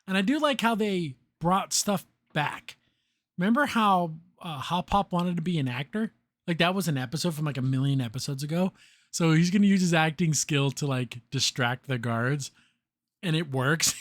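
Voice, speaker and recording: A podcast host in casual recap mode, talking through a cartoon episode with plenty of laughs. His voice sits a little high for a man, and he breaks into quick impressions of the characters as he goes. The recording is close and dry, with no room sound. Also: a bit bright, no room sound. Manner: chatty, laughs often, acts out characters' lines.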